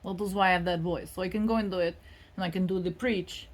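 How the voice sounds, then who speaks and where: A woman's voice: on the low side, steady tone, fast. A woman doing a casual tarot reading, talking in a playful, rambling and self-mocking way. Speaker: tarot reader.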